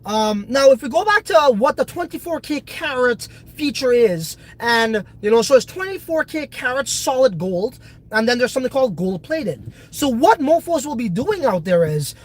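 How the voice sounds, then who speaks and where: A man's voice: very high-pitched, very animated, normal speed, low-quality recording. A congested man hosting a casual crypto video, talking in a brash, profane, hyped way. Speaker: crypto project host.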